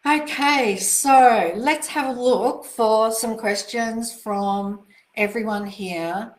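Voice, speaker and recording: A woman's voice: fairly high pitch, takes it slowly, reverberant, low-quality recording. A woman author answering viewer questions in a live online session, reassuring and encouraging. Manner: reassuring and encouraging, gushing over viewer greetings. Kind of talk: live online Q&A, casual talk.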